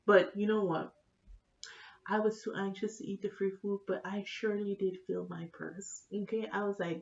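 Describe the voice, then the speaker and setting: A woman telling a comedic, profane story in an animated vlog style. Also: medium pitch, measured pace, dull audio. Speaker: vlogger.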